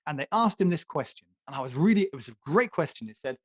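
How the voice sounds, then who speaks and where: A man's voice: a little high, expressive, fast, few pauses, husky, dry recording, studio quality. A man co-hosting a casual talk show, ranting emphatically and joking as he makes his case. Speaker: podcast co-host. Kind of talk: opinionated casual chat.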